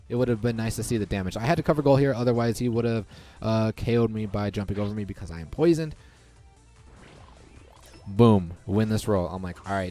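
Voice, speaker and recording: A young man giving casual, excitable commentary over his own gameplay, reacting loudly to lucky and unlucky rolls. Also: fairly low pitch. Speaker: gaming commentator. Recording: faint background music.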